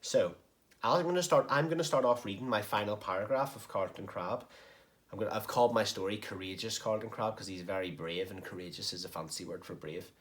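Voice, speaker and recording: A man's voice: on the low side, fairly quick. Encouraging primary teacher, man. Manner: encouraging, explains step by step. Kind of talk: recorded home-learning lesson.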